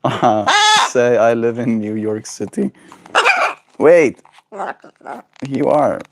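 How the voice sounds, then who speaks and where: A man livestreaming at home. He chats casually with his viewers and talks baby talk to his pet birds in a high, cooing voice. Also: takes it slowly, a little mellow.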